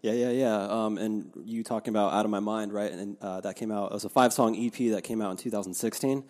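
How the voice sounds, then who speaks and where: A man with a somewhat low voice hosting a casual interview. He is relaxed, laughs easily, and pads his questions with fillers. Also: quick pace. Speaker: interviewer host.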